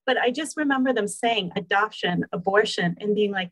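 A woman's voice: mid-range voice, moderate pace, hardly any pauses, a bit bright, poor audio. Candid woman guest from Boston. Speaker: podcast guest. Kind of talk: personal storytelling in an interview.

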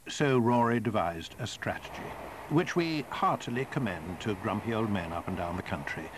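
A man's voice: lowish voice, lively intonation, moderate pace, background noise. Wry male voice-over narrator.

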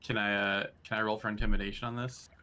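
A man playing a tabletop game, making quiet asides about his character. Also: lowish voice, little pitch movement, fast talker, no room sound. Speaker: player. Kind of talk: casual tabletop play.

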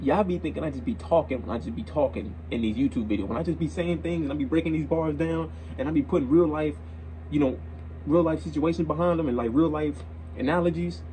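A man's voice: on the high side, fast, warm tone, a little hiss or hum, poor audio. A young man hosting a reaction video, talking in a casual, slangy way and repeating himself as he gets worked up.

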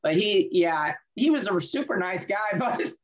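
A woman guest tells a candid story from her own life in an animated way. She laughs often and acts out both sides of the dialogue. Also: medium pitch, measured pace, muffled recording. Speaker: interview guest.

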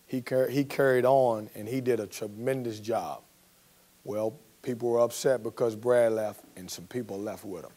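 A college basketball coach giving a storytelling speech to a business audience and acting out the quotes. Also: male voice, medium pitch. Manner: storytelling, animated, acts out quotes.

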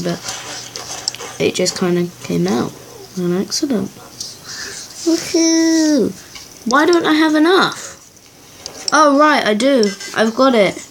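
A woman giving excitable, chatty commentary while playing a football video game, cheering and muttering by turns. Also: medium pitch, rough recording. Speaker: gaming channel host. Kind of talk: live gameplay commentary.

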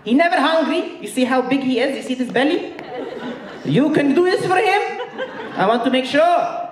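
A man doing a shrill scolding Egyptian mom. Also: expressive, moderate pace. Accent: Egyptian-style broken English, put on. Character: overbearing dramatic Egyptian mother, middle-aged woman. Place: comedy stage with a live audience. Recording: echoey stage from far off.

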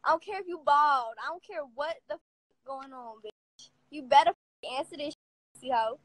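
A woman ranting to camera in a confrontational, profane, rapid-fire way. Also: high voice, a bit bright, dry recording, low-quality recording. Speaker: vlogger. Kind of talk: angry casual rant to camera.

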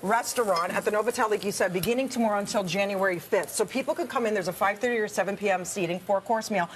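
A woman's voice: mid-range voice, fast, slight background noise. A woman hosting a morning TV show in a studio, speaking in an upbeat presenter style. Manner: upbeat, bright presenter delivery. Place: indoor TV studio.

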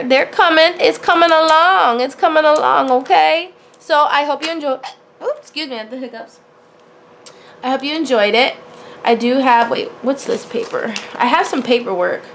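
A woman's voice: high-pitched, fairly bright tone, a little hiss or hum. A woman talking casually to camera about her jewelry, chatty and full of fillers, calling the viewers y'all and honey. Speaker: jewelry vlogger. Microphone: camera on a tripod.

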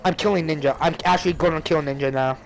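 A young man hosting a gaming video, yelling profane trash talk and laughing at his friend. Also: a little high, quick pace, a little hiss or hum, poor audio. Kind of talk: casual gaming commentary.

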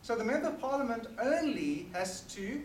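A South African man giving an earnest, forceful talk to an audience at an evening meeting. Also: very high-pitched, animated, normal speed, slight background noise. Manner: earnest and forceful, emphatic repetition. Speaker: guest speaker. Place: meeting hall. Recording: roomy hall recorded from a distance.

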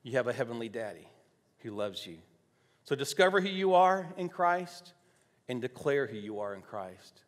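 A male pastor preaching a sermon, telling a personal story softly and then rising to loud, emphatic declarations. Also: medium pitch, big pitch swings, moderate pace. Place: church sanctuary. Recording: long hall reverb.

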